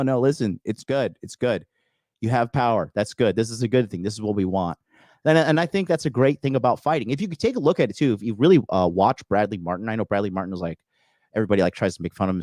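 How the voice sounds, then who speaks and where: A man's voice: on the low side, a little mellow, dry recording. Brash profane man on a livestream. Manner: profane, boastful and emphatic, with many fillers. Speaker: dating and self-improvement coach hosting a call-in show. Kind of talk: casual livestream monologue.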